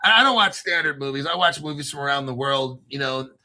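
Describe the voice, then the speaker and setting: Speaking fast in a medium-pitched voice, a man hosts a crypto show with an excited, rambling monologue. He swears often and stops occasionally to spell out names letter by letter.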